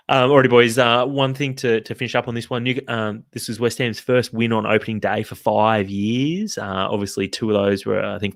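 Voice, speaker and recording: A man's voice: fairly low pitch, gravelly, a bit bright, no echo. A man co-hosting a casual football podcast, talking in long rambling runs with restarts and the odd swear word. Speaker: podcast co-host.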